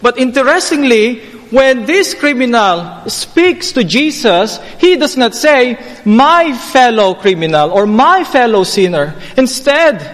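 A man preaching a sermon in a slow, deliberate, emphatic way that rises to fervent pleading. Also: very high voice, animated, fairly bright tone. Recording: long hall reverb.

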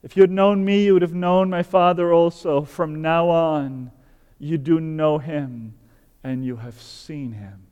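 A man reading a gentle, tender male teacher's words aloud in a sermon, speaking in a sweet, kind and comforting way. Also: fairly high pitch, fairly even intonation, unhurried, smooth, long reverb tail, close to an everyday voice.

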